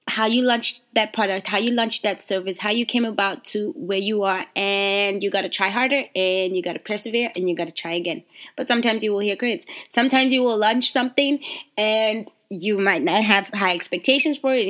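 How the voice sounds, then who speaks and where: Candid, animated woman business coach. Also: mid-range voice. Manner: animated and candid, frequent fillers and self-corrections. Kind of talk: casual motivational podcast talk.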